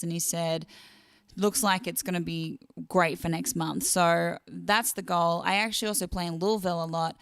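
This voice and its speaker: A woman's voice: lowish voice, vocal fry, a bit bright, smooth, no echo. A woman singer-songwriter hosting her own live stream, chatting casually and reading out viewer comments.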